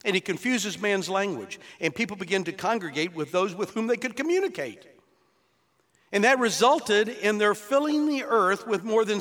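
Man, pastor, high-pitched voice, expository sermon, earnest and emphatic, long echo of a church hall. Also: animated, normal speed, a bit bright. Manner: earnest teaching tone, building to emphatic peaks. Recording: long reverb of a large hall.

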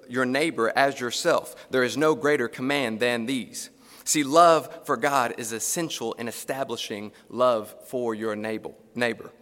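A man's voice: mid-range voice, a bit bright. A man preaching a sermon, earnest and emphatic, building his points through lists and rhetorical questions. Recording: long reverb of a large hall.

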